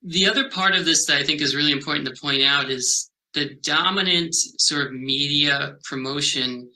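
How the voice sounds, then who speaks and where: Male researcher, very bright timbre, halting thoughtful interview answers. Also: a little high, rough recording. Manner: thoughtful, halting, many "um" and restarts. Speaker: health behavior researcher.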